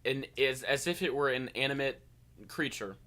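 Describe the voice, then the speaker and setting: A man's voice: medium pitch, normal speed, pushed and bright. A man co-hosting a casual movie review chat, rambling and stumbling over his words. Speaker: podcast co-host.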